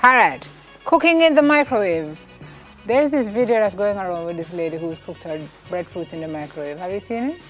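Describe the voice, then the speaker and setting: A woman co-hosting a morning TV chat, wry and chatty with deadpan quips. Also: fairly low pitch, fairly quick, faint music behind. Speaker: morning show co-host. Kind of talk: casual studio chat.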